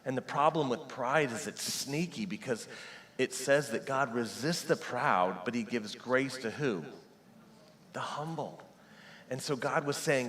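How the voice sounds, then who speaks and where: A man's voice: mid-range voice, measured pace, a bit bright. A male pastor in his forties delivers a sermon with an ordinary mid-range voice, telling personal stories and acting out the prayers and conversations inside them. The sound carries a long reverb from the church sanctuary. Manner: personal storytelling, acts out quoted prayers and dialogue.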